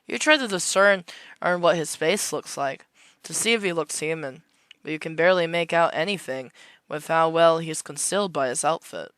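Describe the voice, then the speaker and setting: A man reading a visual novel aloud, voicing both sides and bursting into excited shouts. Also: moderate pace, smooth, dry recording. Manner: excitable, erupts into high shouting. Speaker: streamer playing a visual novel.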